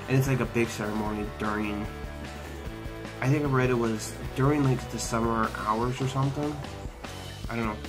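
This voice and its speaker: A man's voice: mid-range voice, low-quality recording. A young man chatting casually in a travel vlog, rambling and hesitant with many fillers and restarts. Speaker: vlogger. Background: background music.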